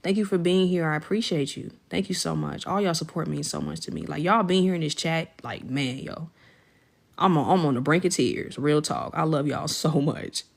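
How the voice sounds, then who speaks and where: A woman with a fairly low voice hosts a casual livestream. She talks effusively in loose slang, greeting viewers by name and shouting them out. Now and then she leaps up high when something excites her. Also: moderate pace, vocal fry. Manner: jumps to high excited pitch when celebrating. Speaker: livestream host.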